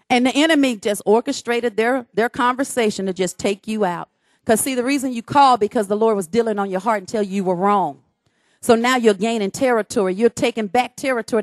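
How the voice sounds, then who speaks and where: A woman's voice: fairly high pitch, brisk, no room sound, studio quality. A woman preaching a sermon, emphatic and calling on her congregation to respond.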